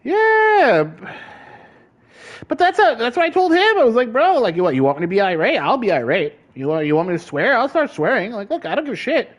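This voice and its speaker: A man's voice: extremely high pitch, big pitch swings, fairly quick, lo-fi sound. A man in a casual vlog, venting in an exasperated, profane way and laughing often as he talks. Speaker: vlogger. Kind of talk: casual ranting chat.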